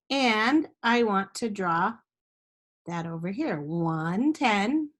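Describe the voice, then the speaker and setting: A patient woman teacher walks young kids through a math lesson in an online class, recorded on a computer mic. Her voice sits a little high and she talks slowly, breaking into sing-song chants and checking in often. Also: fairly bright tone.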